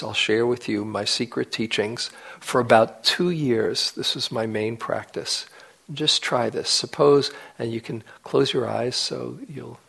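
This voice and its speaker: A man giving a dharma talk as a meditation teacher at a retreat, gentle and unhurried, sometimes dropping to a soft whisper. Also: medium pitch, vocal fry, slightly rough, rough recording.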